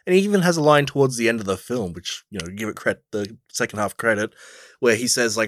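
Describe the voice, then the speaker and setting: A man's voice: mid-range voice, fast talker, fairly bright tone, no room sound, clean studio sound. An Australian man co-hosting a film podcast, talking in a laid-back, agreeable way and chuckling between points. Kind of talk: casual film review chat.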